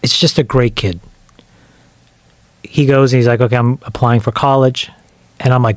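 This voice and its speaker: Animated, profane middle-aged storyteller. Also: male voice, mid-range voice, moderate pace, long pauses, dry recording. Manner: animated, profane storyteller who acts out quoted lines. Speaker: podcast guest. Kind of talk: casual storytelling.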